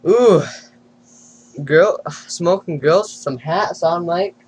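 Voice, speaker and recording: A man's voice: high-pitched, slow pace, a little mellow, slight background noise. A man hosting a casual prank video chat, giggling and teasing strangers on camera. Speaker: channel host.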